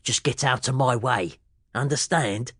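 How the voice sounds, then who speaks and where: A man voicing a rude, menacing stranger with a gravelly, sneering voice. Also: mid-range voice, unhurried, a bit bright, dry recording, studio quality. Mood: gruff.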